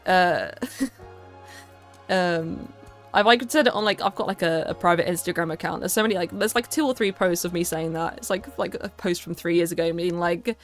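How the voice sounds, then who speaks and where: A woman's voice: on the low side, animated, brisk, soft background music. A young woman streaming a casual chat, rambling and stammering with lots of restarts.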